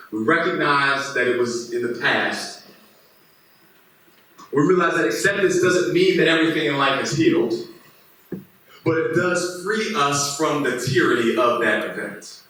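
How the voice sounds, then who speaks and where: A man's voice: mid-range voice, a bit bright. A man preaching a sermon as a pastor, retelling scripture as a casual modern-day story. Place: church hall. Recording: very echoey room, distant mic, faint noise.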